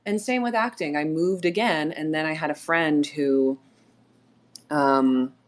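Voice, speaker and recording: A woman with a notably low voice chats casually as the guest of a live audio Q&A. She tells stories with animation and plays out remembered dialogue. The sound comes through a simple call microphone. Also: a little slow. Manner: animated storyteller, laughs often, acts out quotes. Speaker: actress and AMA guest. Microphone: remote audio call mic.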